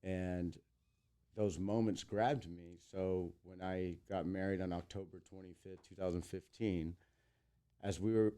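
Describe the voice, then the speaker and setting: A man in his thirties, an entertainer, telling stories as an interview guest in an animated way, acting out quotes. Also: deep voice, unhurried, clear, resonant tone. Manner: animated, acts out quotes in big voices. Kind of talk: casual interview storytelling.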